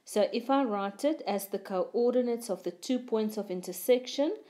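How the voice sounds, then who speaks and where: A woman giving a step-by-step maths lesson as a voice-over, explaining each move slowly and methodically. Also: fairly high pitch, mellow. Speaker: maths teacher.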